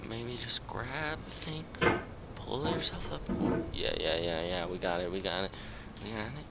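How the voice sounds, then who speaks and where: A young man commenting on his own gameplay, pleading with himself and muttering, with sudden high yelps when things go wrong. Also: animated, normal speed. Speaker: gaming channel host. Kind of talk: let's-play commentary. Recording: loud background noise.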